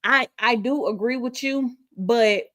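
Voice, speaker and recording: A woman's voice: a little high, unhurried, a bit bright, dry recording, clean studio sound. A middle-aged woman hosting a casual live stream, reading out viewer comments in a chatty, informal way and laughing often.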